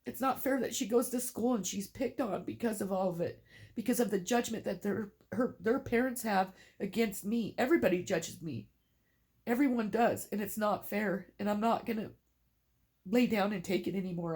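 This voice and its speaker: A woman's voice: medium pitch, normal speed, darkish tone. A middle-aged mother speaking emotionally to camera, tearful and defiant, swearing in anger.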